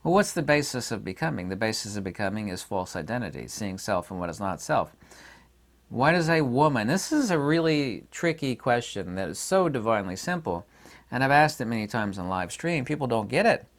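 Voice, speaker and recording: A man's voice: medium pitch, big pitch swings, a little fast. A man giving an unscripted philosophy lecture, emphatic and argumentative, who repeats points for stress. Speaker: channel host.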